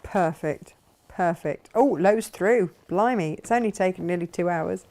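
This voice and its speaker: A woman's voice: lowish voice, a little slow, mellow. A woman co-hosting a live crafting show, reading out viewer comments and chatting cheerfully. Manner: cheerful, reads comments aloud, laughs easily. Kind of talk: casual chat.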